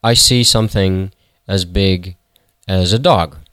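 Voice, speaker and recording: A man voicing a watchful female bird that calls warnings from the sky in a folktale, speaking calmly and slowly. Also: sits low, no echo, clean studio sound.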